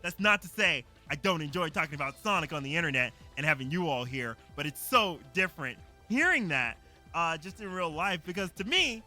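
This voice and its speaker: Guy streamer yapping excitedly, kinda high voice, super bright, tons of fillers, faint music behind. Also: a little fast. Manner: excited, rambling, lots of fillers. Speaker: live streamer. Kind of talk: casual live-stream chat.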